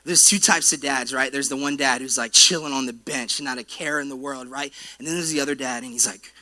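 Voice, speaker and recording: A man's voice: medium pitch, a little fast, pushed and bright. A young man preaching a sermon in a church, telling playful stories with frequent asides to the congregation. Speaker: pastor. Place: church auditorium.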